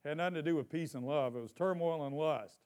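A man's voice: on the high side, a little mellow. A man preaching a sermon in church, calling out questions to the congregation and stretching out scripture lines for emphasis. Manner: call-and-response with congregation, drawn-out emphatic scripture reading. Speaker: pastor.

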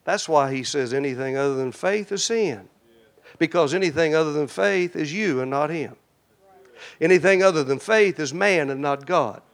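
A man with a high-pitched voice preaches a sermon. His delivery swings from loud and emphatic to hushed and intimate. He keeps a folksy, direct tone with the congregation. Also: normal speed.

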